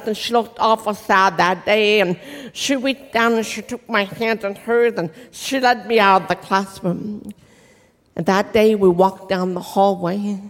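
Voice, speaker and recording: A deaf woman giving an inspirational faith talk. Her speech is distinctive and sounds accented, and she articulates slowly and carefully. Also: mid-range voice. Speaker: inspirational speaker. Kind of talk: motivational faith talk to an audience. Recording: long reverb of a large hall.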